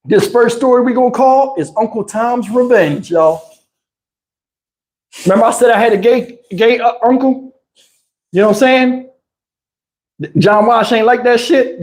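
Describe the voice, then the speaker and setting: A man telling stories on his live stream, in a casual, animated way with crude slang and frequent laughter, through a lapel mic. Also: very high-pitched, a little slow. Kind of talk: casual anecdotal storytelling. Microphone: wireless lapel mic.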